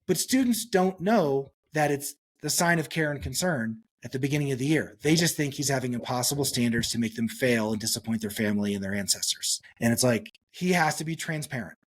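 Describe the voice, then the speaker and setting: A male psychologist answering interview questions on a podcast, telling stories and acting out quotes with sudden pitch jumps. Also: brisk, hardly any pauses. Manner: animated storytelling, acts out quotes with pitch jumps. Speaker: psychologist guest.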